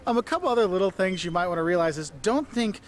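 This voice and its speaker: A man's voice: sits high, lively intonation, fast, a little hiss or hum. A man giving travel tips to camera outdoors in a city, talking in a chatty, direct way with laughs and asides. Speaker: travel vlogger.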